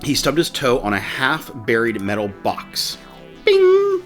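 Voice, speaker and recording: A podcast host reads a story aloud casually in a medium-pitched, slightly bright voice, going a little slowly over soft background music. He stops often to laugh and tries out put-on narrator voices.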